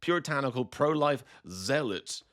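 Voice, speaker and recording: A man's voice: medium pitch, expressive, moderate pace, a bit bright. A British man hosting political commentary, sarcastic and mocking with frequent swearing.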